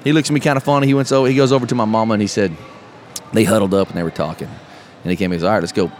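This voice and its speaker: A middle-aged man, a podcast host telling a story in casual, animated chat. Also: fairly low pitch, very fast. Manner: animated storyteller, calls listener bro. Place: live podcast event. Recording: live event, faint noise behind.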